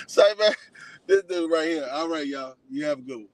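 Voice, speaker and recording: A man's voice: fairly high pitch, brisk, slight background noise, low-quality recording. A Texan man livestreaming from his car at a donut shop drive-thru, talking loosely and slangily as he drifts between topics. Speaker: livestream host. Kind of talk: casual rambling livestream chat.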